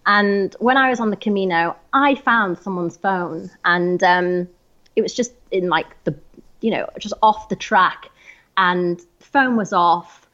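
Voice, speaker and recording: A woman's voice: mid-range voice, a little slow, fairly bright tone, lo-fi sound. A woman from North Yorkshire with a neutral, slightly posh English accent, a podcast guest talking hesitantly with many ums. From North Yorkshire, England. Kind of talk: casual interview chat.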